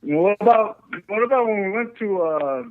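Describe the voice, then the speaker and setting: Lively bright-voiced male guest, dull audio. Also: sits high, normal speed. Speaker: guest boxer. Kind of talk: casual interview chat.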